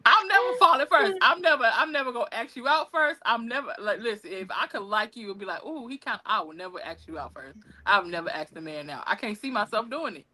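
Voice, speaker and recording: Lively bright-voiced woman cohost. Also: a little high, fast, few pauses. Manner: animated, laughing, slangy. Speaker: podcast co-host. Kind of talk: casual chat.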